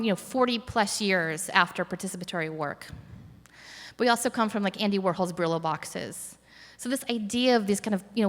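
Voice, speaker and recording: A woman's voice: mid-range voice, fairly bright tone, in a large hall. A woman curator telling a story in a conversational interview, reflective, with many fillers and restarts.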